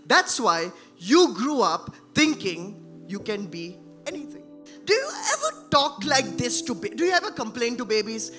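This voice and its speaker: A male pastor preaching a sermon in church, swinging between shouting and hushed tones. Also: very high voice, very animated, moderate pace, soft background music.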